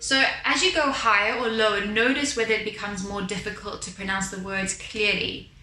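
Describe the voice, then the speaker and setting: A woman's voice: medium pitch, fairly even intonation, moderate pace. A woman as a vocal coach leading a beginner singing lesson, demonstrating exercises and overpronouncing her words. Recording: roomy with piano behind.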